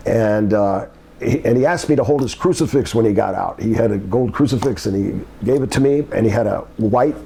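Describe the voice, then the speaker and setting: A gravelly, mellow-toned older man spins a rambling anecdote as a guest, stumbling over restarts and filling pauses with ums. His voice lifts higher as the tale builds, and a faint hum sits behind him. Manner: halting, many ums and restarts, climbs higher when excited. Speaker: guest telling old wrestling stories.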